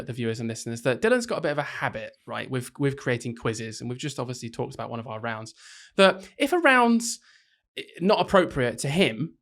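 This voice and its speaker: A man's voice: on the high side, a bit bright. A young man hosting a casual podcast chat, teasing his co-host and laughing often.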